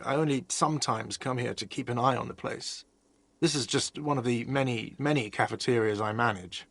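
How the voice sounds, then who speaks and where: A man's voice: medium pitch, normal speed, gravelly, a bit bright, dry recording. An actor playing an irritable, defensive male cafeteria manager in a video game, whiny and sarcastic. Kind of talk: voiced game dialogue.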